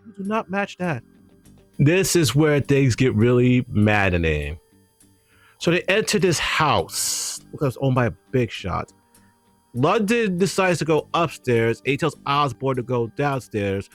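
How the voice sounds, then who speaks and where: A man in a casual chat about a film, retelling scenes with lots of laughing and acted-out lines. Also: a little high. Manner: animated, acts out movie lines, laughs often. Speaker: co-host. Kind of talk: casual movie discussion.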